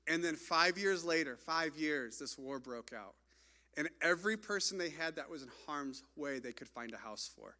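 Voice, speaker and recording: A man's voice: fairly high pitch, bright, forceful tone. A man on a stage, telling a mission trip story in a chatty way, full of "like" and restarts. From United States. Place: stage in front of an audience.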